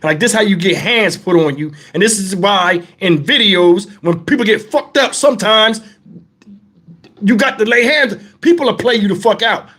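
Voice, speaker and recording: A man's voice: sits high, moderate pace, bright, forceful tone. A middle-aged man, retelling a frustrating story in a heated, profane, emphatic vlog rant. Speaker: vlogger.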